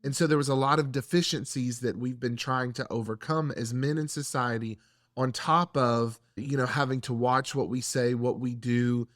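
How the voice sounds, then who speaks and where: A man leads a faith-based conversation in a measured, reflective tone. His voice sits at an ordinary pitch for a man. The sound is dry, with no room echo. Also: steady tone, a bit bright. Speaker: church podcast host.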